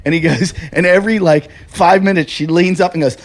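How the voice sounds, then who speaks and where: A man with a fairly high voice jumps in with jokes and eagerly retells a story he heard. He is quick to laugh, and he keeps pushing the others to listen. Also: steady tone. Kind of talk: casual storytelling chat.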